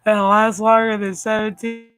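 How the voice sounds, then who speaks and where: A man's voice: high-pitched, level tone, normal speed, bright, forceful tone, soft background music. A man hosting a stream, ranting in casual, profanity-heavy commentary with a sarcastic, exasperated manner and frequent stammered restarts. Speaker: streamer host.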